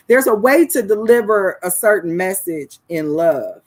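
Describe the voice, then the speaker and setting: A woman hosts a casual show and gives frank life advice at a mid-range pitch. She talks candidly, a little preachy, and works through her points with a few fillers. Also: expressive, a little slow, hardly any pauses. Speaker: show host.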